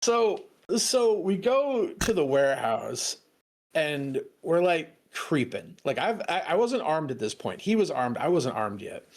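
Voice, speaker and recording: A man's voice: a little high, big pitch swings, measured pace, slight background noise. A man guest on a stream, telling a laid-back story with swearing and frequent laughs. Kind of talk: casual chat on a stream.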